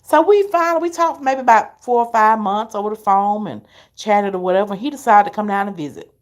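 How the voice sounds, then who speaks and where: A middle-aged woman, hosting a live stream and telling her viewers stories in an animated, chatty way, laughing often. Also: mid-range voice, fairly quick. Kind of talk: casual storytelling to viewers.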